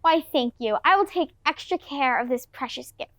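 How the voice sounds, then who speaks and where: A jealous, scheming queen of the gods, as a woman acts her out for a student class play, with a high, swooping voice. She speaks with sugary, theatrical menace. It is recorded dry. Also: animated, normal speed, no room sound.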